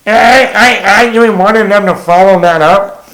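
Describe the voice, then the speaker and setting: A man giving a blunt, exasperated casual film review, swearing freely and now and then quoting lines in a higher voice. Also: moderate pace, a bit bright. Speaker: movie reviewer. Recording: echoey room.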